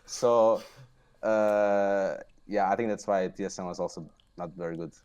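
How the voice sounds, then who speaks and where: A man's voice: on the low side, steady tone, a little slow, a little mellow, smooth. A young man, a podcast guest, rambling casually with lots of fillers. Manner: rambling, filler-heavy, laughs at himself. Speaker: guest, pro gamer.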